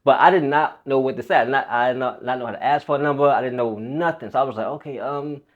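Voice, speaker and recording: Young man, fitness coach, rambling storyteller, casual swearing, mid pitch, dull lo-fi sound. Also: quick pace.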